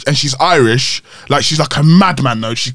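A young man hosting a casual podcast, laughing often and bantering quickly. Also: medium pitch, fairly bright tone, no echo, studio quality. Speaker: podcast host. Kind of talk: casual chat.

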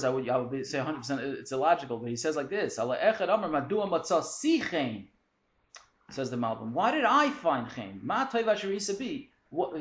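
A man teaching a lively text study class, quick and animated, mixing in Hebrew and Yiddish terms. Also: fairly high pitch, roomy sound.

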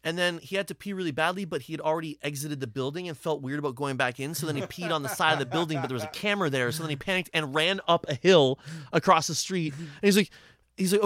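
A man's voice: a little high, quick pace, fairly bright tone, no room sound, studio quality. Rambling, swearing man telling a tour story. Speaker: touring band member telling stories. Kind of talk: casual storytelling.

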